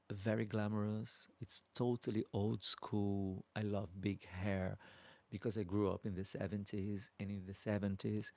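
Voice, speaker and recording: A man's voice: fairly low pitch, gravelly, darkish tone. A man in his fifties from Brazil with a Brazilian accent, hosting a live Q&A as a drag performer and affectionately answering viewer comments. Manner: slow and affectionate, calling viewers darling. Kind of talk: casual live-stream chat reading viewer comments.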